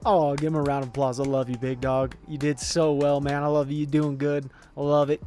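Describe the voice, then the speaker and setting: A man commenting on a football video game, swinging from quiet mumbling to excited yelling. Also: a little high, a little fast, hardly any pauses, soft background music. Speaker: gaming YouTuber.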